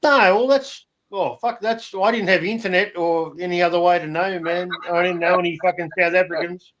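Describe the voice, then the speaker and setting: Middle-aged Aussie stream host, high voice, blunt swearing casual talker. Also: male voice, steady tone, normal speed, a bit bright, rough recording. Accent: Australian. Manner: blunt, sweary, keeps adding "right?" and "mate". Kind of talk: casual chat.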